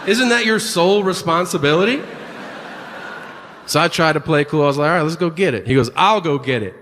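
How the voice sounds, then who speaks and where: A man doing stand-up, wry and profane, slipping into voices for the people in his stories. His voice sits a touch higher than usual, and it rings out in a hall with long reverb over faint ambience. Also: fast talker, a bit bright, slight background noise. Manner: wry, profane, acts out quotes. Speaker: stand-up comedian. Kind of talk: stand-up storytelling.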